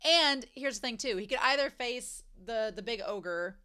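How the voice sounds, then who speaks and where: A woman giving a casual, excited reaction commentary on an anime episode, chatty and laughing often. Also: on the high side, moderate pace, smooth.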